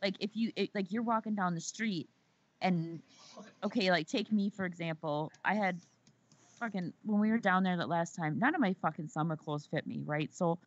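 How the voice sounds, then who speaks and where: A woman's voice: fairly low pitch, normal speed. A woman from the Southern United States hosting a podcast in casual chat. She talks in a chatty, profane way and repeats words for emphasis. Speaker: podcast host. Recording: slightly dull audio.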